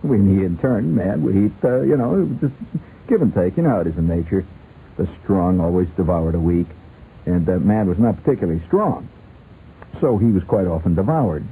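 A male radio host with a deep, expressive, creaky voice speaks at normal speed. His comic talk is rambling and playful with frequent laughter, heard on tinny lo-fi radio with a faint hiss.

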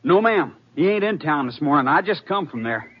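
A man's voice: fairly high pitch, expressive, normal speed, husky. An actor playing a nervous young cowboy in a 1950s radio drama, stammering as he talks. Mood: anxious. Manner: stammering, anxious. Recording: muffled old radio broadcast.

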